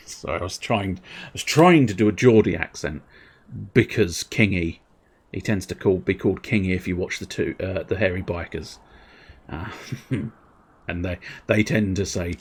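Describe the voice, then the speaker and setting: A man's voice: sits low, normal speed, husky. A man chatting casually while streaming a video game, joking and reading out dialogue. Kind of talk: casual gameplay commentary.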